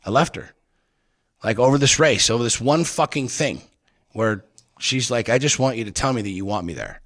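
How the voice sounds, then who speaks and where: A man's voice: medium pitch, lively intonation, normal speed, fairly bright tone, dry recording, clean studio sound. A middle-aged man casually telling a story on a podcast, swearing freely and getting heated when he retells arguments. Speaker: podcast guest.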